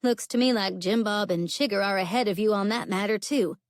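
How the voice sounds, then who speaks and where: A woman's voice: mid-range voice, brisk, no room sound, studio quality, natural voice. A woman reading a blunt, sassy bar owner. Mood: teasing. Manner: blunt, teasing, down-to-earth.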